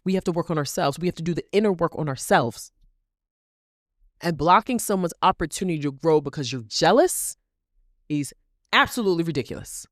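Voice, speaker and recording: A woman's voice: low-pitched, lively intonation, brisk, no echo, studio quality. A woman hosting a solo podcast, talking animatedly, asking rhetorical questions and repeating phrases for emphasis. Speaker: podcast host.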